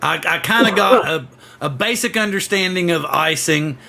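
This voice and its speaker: A man's voice: on the high side, animated, normal speed, vocal fry, bright, forceful tone. A man hosting a casual livestream, chatting and rambling as he greets viewers by name. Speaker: host.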